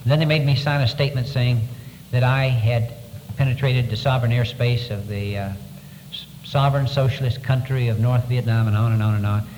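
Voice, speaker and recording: A man giving a first-person testimony to an audience, telling his story in an earnest, halting way, his voice sinking low at the hardest moments. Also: fairly even intonation, darkish tone, in a large hall, slight background noise, rough recording. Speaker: former prisoner of war giving testimony.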